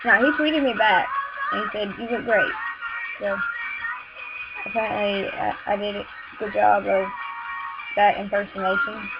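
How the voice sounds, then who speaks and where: A woman's voice: mid-range voice, fairly even intonation. Teen girl with a Southern twang, talky and easily annoyed, muffled webcam sound, music playing. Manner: chatty, frequent fillers, quick irritated asides. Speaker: vlogger. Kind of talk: casual rambling vlog.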